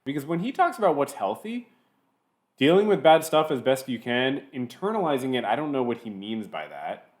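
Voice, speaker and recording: Male reaction commentator, sarcastic, animated up-and-down delivery. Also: medium pitch. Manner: sarcastic, pausing the clip to mock it.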